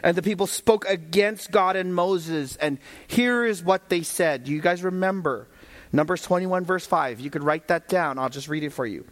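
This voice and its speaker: A man with a notably high voice delivers a sermon. He moves between calm, measured Bible teaching and fervent, raised-voice exhortation, and he speaks directly to the congregation as brothers and sisters. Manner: swings from calm teaching to fervent shouted preaching. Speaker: preacher.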